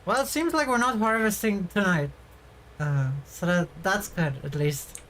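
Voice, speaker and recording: In an unhurried, mid-range voice with a slightly bright tone, a woman chats casually on a livestream as she plays a farming game. Her talk rambles, broken by occasional frustrated outbursts.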